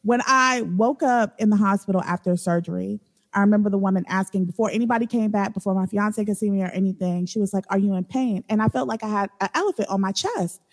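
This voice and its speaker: A woman's voice: mid-range voice, quick pace. A woman guest in casual podcast chat, telling a personal story in a blunt, humorous way.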